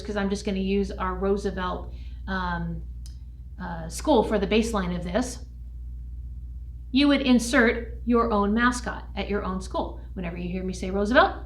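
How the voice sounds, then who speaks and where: A woman music teacher giving an upbeat lesson to young children, speaking slowly and clearly. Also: reverberant, far from the mic. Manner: shouts chant calls in a high voice.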